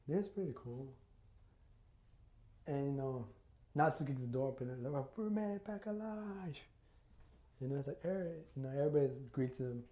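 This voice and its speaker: A man's voice: mid-range voice, dark tone, reverberant. A man casually retelling a fan story, rambling with lots of fillers and acting out the quotes. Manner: rambling, full of "you know" and "like", acts out quotes.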